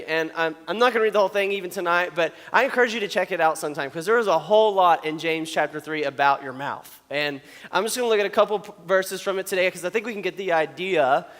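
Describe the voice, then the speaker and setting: Young male youth pastor, high voice, chatty storytelling sermon, long hall reverb. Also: fairly bright tone. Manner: storytelling, joking, often checks in with "okay?".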